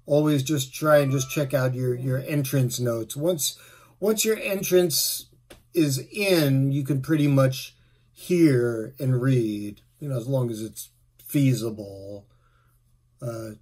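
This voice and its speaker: A middle-aged man, a musician, giving relaxed, rambling tips on playing his instrument. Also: medium pitch, breathy edge. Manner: relaxed, rambling, with fillers and asides. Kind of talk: casual spoken tip video.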